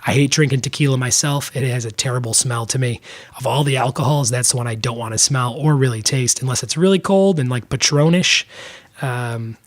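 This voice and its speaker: A man's voice: mid-range voice, a little fast. A young man hosting a solo trivia podcast in a casual, chatty way, cracking joking asides between the answers.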